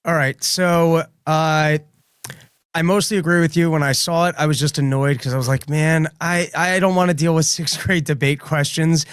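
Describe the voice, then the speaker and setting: Co-host, man, slightly high voice, measured reasoning, dry mic. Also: steady tone, clean tone, no room sound. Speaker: podcast co-host, comedian. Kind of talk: casual political commentary.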